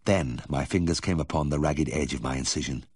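A man narrating a first-person memoir audiobook in a measured, vivid way. His voice sits very low and sounds husky. The studio recording is close and dry. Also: darkish tone, no room sound.

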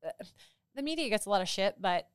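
A woman's voice: mid-range voice, animated, clear, resonant tone, no echo, studio quality. A young adult woman hosting a casual podcast chat, joking and full of fillers. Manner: chatty, joking, fast filler-heavy talk. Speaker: podcast host, marketer.

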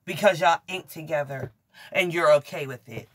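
A woman gives a casual tarot reading straight to camera. She talks bluntly and curses freely. She gets excitable, laughing and exclaiming as she goes. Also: deep voice, moderate pace. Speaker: tarot reader.

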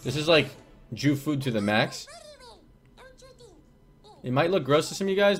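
A man's voice: medium pitch, expressive, a little slow, pauses often, faint music behind. A young adult man streaming from home, talking in a casual, crude and rambling way while he plays. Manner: crude, rambling, profane banter. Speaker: live streamer.

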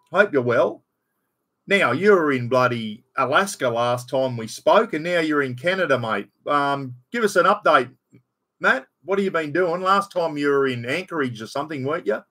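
A man's voice: mid-range voice, bright, forceful tone. Matey Australian man rambling on a live stream. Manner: rambling and matey, greets chat by name; blunt, casual swearing. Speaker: livestream host. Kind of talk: casual live-stream chat.

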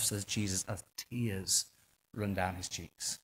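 A man with an English accent preaching a sermon in church, impassioned, swinging between quiet passages and loud ones. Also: low-pitched, steady tone, takes it slowly, a little hiss or hum. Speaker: pastor.

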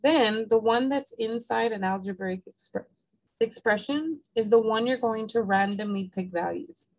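A woman's voice: a little high, measured pace, darkish tone, rough recording. A woman math instructor giving a recorded lecture, explaining each step patiently and checking in with "okay?", and she has the hiccups.

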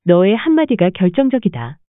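A woman reads the lesson prompts very quickly, with a brisk, lively intonation that jumps around. The audio is narrow and phone-like, and it is dry. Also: mid-range voice, dry recording. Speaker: narrator giving the Korean prompts. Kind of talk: brisk reading of translation prompts.

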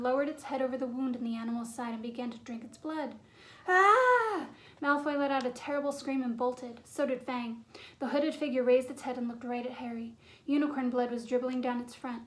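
A woman narrating a fantasy novel as an audiobook, in a measured, suspenseful storytelling manner. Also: high-pitched, a little mellow. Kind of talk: storybook reading.

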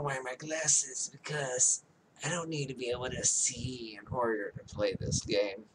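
A man casually commentating a game he is playing, soft-spoken and rambling, making fun of himself. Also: medium pitch, fairly even intonation, measured pace, a little hiss or hum. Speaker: gaming YouTuber. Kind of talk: casual let's-play commentary.

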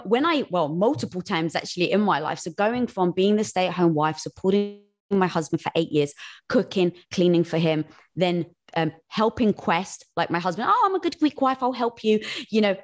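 A woman's voice: fairly low pitch, normal speed. Encouraging woman guest giving advice. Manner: warm-hearted encouraging, calls listener girl. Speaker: podcast guest. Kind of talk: supportive advice conversation.

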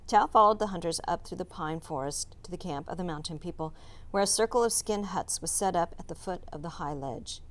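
Calm woman reading a chapter book. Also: on the low side, a little fast. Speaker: teacher reading aloud. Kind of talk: storybook read-aloud narration.

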